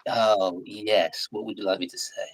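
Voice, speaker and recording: A low-voiced Englishman with a husky edge tells stories in a relaxed live chat. He is animated and laughs easily, and he breaks into other accents as he talks, all over a video call. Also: normal speed, low-quality recording. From England. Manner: animated storyteller, laughs often, slips into accents. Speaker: actor guest. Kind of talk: casual interview chat.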